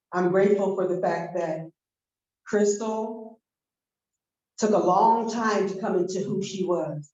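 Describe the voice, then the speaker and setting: A woman's voice: fairly low pitch, a little mellow. Woman giving a heartfelt eulogy in a roomy hall. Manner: heartfelt, halting, repeats herself. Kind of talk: memorial eulogy. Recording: roomy, muffled video-call audio.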